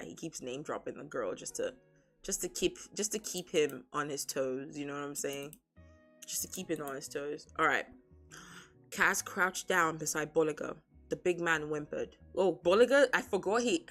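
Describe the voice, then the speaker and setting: A woman's voice: low voice, pushed and bright. A young woman streamer reading a novel aloud on a sensitive desk mic, breaking off for chatty, laughing asides and casual swearing.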